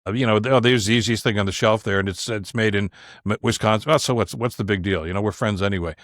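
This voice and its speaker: A man who talks quickly and with emphasis, piling on points in an animated way. His voice sounds close and dry. He is a podcaster speaking as a guest on a conversational show. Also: fairly low pitch, no echo. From Canada. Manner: emphatic, animated, repeats words when starting a point. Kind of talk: conversational opinion talk.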